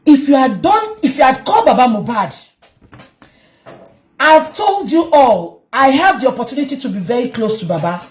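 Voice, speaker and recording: A woman with a Nigerian Yoruba accent delivers heated vlog commentary. Her high voice swings up and down in pitch as she drives her points home. She often breaks into emphatic shouts. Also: very animated, normal speed. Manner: emphatic, switches between English and Yoruba, bursts into shouting. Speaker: online commentator.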